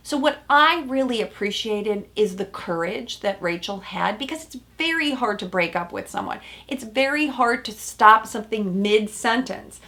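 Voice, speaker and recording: A woman therapist hosting a casual recap of a reality show, animated and emphatic, with frequent "right?" asides. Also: mid-range voice, moderate pace, hardly any pauses.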